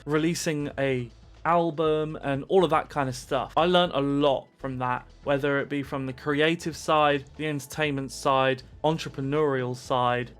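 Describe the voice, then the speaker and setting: A man giving streaming advice straight to camera with pumped-up, animated energy. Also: a little high.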